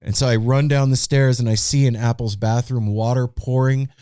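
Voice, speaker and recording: A man's voice: mid-range voice, fairly even intonation, moderate pace, mellow, clear, resonant tone, dry recording, studio quality. A man co-hosting a podcast, animatedly retelling a story in casual chat and swearing freely. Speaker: podcast co-host. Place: home podcast studio.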